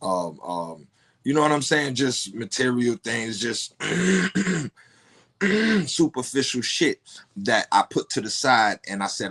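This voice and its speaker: A man's voice: mid-range voice, lively intonation, a bit bright, slightly rough. A man, a podcast guest, telling a personal story in casual, profane talk full of restarts. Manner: profane, halting, many restarts.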